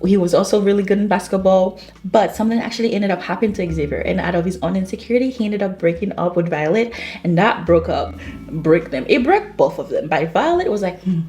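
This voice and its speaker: A woman's voice: mid-range voice, animated, fast talker, mellow. A young woman chatting casually at home about books she read, bubbly and rambling, with lots of fillers and laughter. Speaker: book vlogger. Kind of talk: casual book review chat. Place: home, near kitchen. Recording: echoey room.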